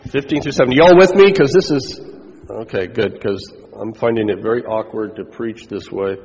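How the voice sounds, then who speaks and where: A man's voice: mid-range voice, moderate pace, a little mellow. A man preaching a sermon as pastor, chatting with the congregation and throwing questions back at them. His voice sits in a middle register. The recording is muffled and carries a long hall echo.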